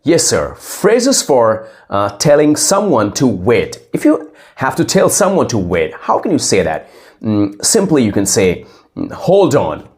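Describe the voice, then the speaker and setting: A man playing a polite young male student who answers his teacher slowly and repeats each example phrase. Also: mid-range voice, wildly swooping pitch, a little mellow. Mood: explaining. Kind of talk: scripted classroom role-play.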